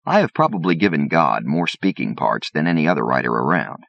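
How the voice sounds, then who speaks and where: A man's voice: very deep voice, sing-song, fairly quick, creaky, hardly any pauses, a bit bright, no echo. A man reading an audiobook aloud in a folksy, wry storytelling manner, on a dull, lo-fi recording. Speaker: audiobook reader. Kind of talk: scripted narration.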